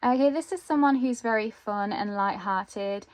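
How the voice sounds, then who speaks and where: A woman's voice: mid-range voice, moderate pace. Musing woman reading tarot. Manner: musing, thinking aloud with many ums. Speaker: tarot reader. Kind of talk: intuitive tarot reading to camera.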